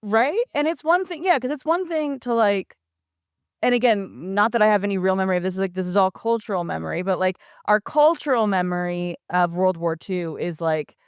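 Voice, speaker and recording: A woman's voice: mid-range voice, expressive, fairly quick, clean tone, no echo. Chatty woman podcast co-host, dry sound. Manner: chatty, thinks aloud with many "like"s. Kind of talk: casual chat.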